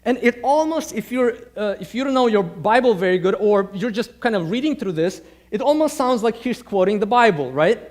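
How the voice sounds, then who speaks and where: A man's voice: sits high, lively intonation, fairly quick, few pauses. A male pastor delivering a sermon in a conversational, storytelling way, often restarting his phrases.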